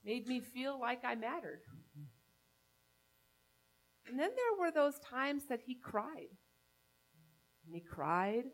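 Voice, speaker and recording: A woman's voice: sits high, animated, takes it slowly, pauses often. A woman pastor preaching a sermon, telling a personal story in a conversational, earnest way.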